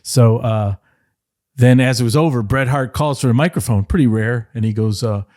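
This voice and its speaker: Middle-aged male podcast guest from the Detroit area, loose anecdotal delivery with playful impressions, mid-pitched voice, dry studio sound. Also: normal speed, a little mellow, dry recording. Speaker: podcast guest, former wrestling writer. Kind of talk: casual interview storytelling.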